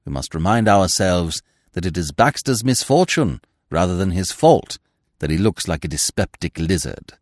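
A man reading a story voices a suave, verbose young gentleman with a florid, ironic manner. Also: low-pitched, big pitch swings, moderate pace, no room sound, studio quality. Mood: urbane.

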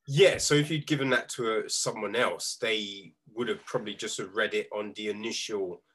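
A man hosting a podcast, chatting in a relaxed, casual way. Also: lowish voice, moderate pace. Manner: relaxed, casual, swears lightly. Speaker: podcast host. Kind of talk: casual conversation.

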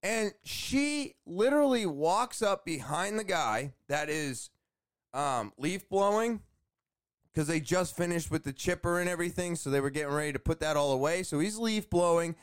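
A man's voice: a little high, expressive, moderate pace. A man telling a story straight to camera in a casual, exasperated way, swearing often. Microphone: camera facing speaker.

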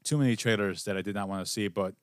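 Man, podcast co-host, easygoing rambling, wry jokes, somewhat low pitch, dry sound. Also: fairly even intonation, fast, dry recording. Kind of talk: casual movie chat.

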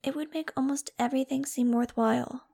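A woman reading an audiobook, voicing a small, wheedling girl in a whispered role-play, slow, breathy and mock-tragic. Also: sits high, steady tone, dark tone, pitched above the performer's own voice, exaggerated voice. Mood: melodramatic.

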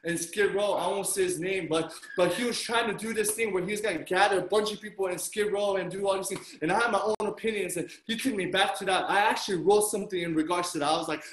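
Pastor guy preaching, acts out his own reactions, kinda high voice, big echoey hall. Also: quick pace, few pauses. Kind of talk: sermon. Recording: roomy echo.

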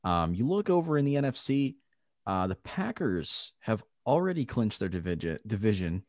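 A man with a deep, low voice on a sports talk panel. He starts his points with ums and false starts, then commits with enthusiasm. The sound is dry. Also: very animated, normal speed, a little mellow, dry recording. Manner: hesitant, many ums, eager. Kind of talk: casual sports chat.

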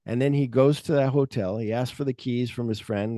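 A man's voice: medium pitch, fairly even intonation, fairly quick, mellow, dry recording, studio quality. A man hosting a casual movie podcast, retelling scenes with lots of profanity and acting out the characters' lines. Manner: profane, uses fillers like "like". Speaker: podcast host.

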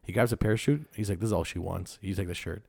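A man in casual chat who tells animated stories and swears often. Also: low voice, quick pace, vocal fry, dry recording, clean studio sound.

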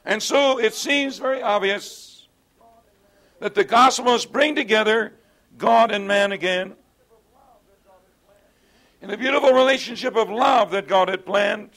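A man's voice: high voice, a little slow, pauses often, fairly bright tone. A man teaching a Bible study in an earnest lecturing way, often asking rhetorical tag questions of his listeners.

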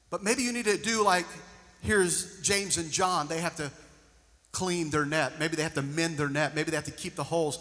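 A male pastor preaching a sermon, moving between loud emphatic lines and hushed storytelling. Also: on the high side, moderate pace. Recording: long reverb of a large hall.

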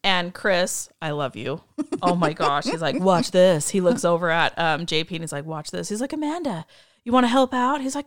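A woman's voice: on the low side, lively intonation, normal speed, no room sound, studio quality. A woman co-hosting a casual chat, gushing and giddy as she recaps a favorite movie scene. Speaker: podcast co-host.

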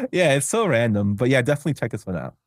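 A man's voice: medium pitch, huge pitch swings, fast, no room sound, clean studio sound. A man hosting a podcast, chatting casually and rambling with filler words. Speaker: podcast host. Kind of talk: casual chat.

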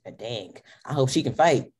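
Expressive and measured in pace, her voice is very deep. She's a young adult powerlifter on a podcast, chatting animatedly in a casual way, acting out what she says and frequently laughing.

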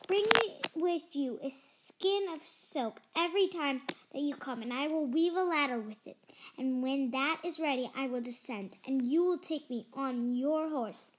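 A woman reading the part of a gentle young fairy-tale maiden with a high, light voice. She speaks softly and earnestly, close to the reader's own tone. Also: unhurried, slight background noise.

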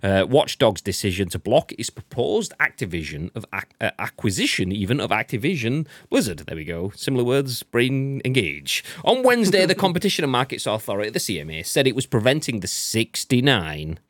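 A man hosting a podcast, his pitch swinging up and down as he jokes his way through the news. He swears freely and sounds dry and close to the mic. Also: sing-song, a little fast, hardly any pauses, a bit bright, dry recording. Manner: joking, swears freely, reads news aloud. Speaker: podcast host. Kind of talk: casual podcast chat.

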